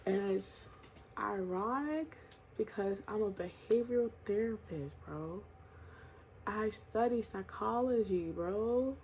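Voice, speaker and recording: A woman's voice: medium pitch, slow, a little mellow, a little hiss or hum. A woman from New York telling a candid, slangy storytime vlog, swearing often and laughing between lines. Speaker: vlogger.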